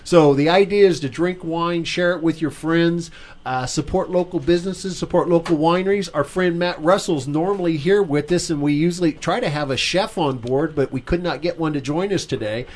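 A man's voice: fairly high pitch, normal speed, darkish tone. A man from Indiana hosting a radio wine show, chatting casually and joking with his co-host and listeners.

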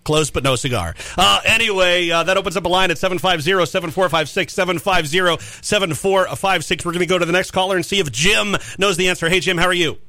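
A male radio host with a high, bright voice keeps his call-in quiz moving with joking, upbeat patter. The studio sound is dry and close-miked. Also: quick pace, few pauses, no echo.

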